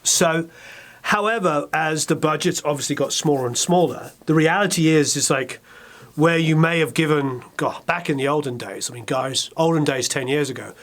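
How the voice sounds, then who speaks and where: A middle-aged man with an English accent, chatting as an interview guest and telling animated stories with quick asides. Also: a little high. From England. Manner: animated storyteller, quick asides, acts out quotes. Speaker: record producer, interview guest. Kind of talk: casual interview chat.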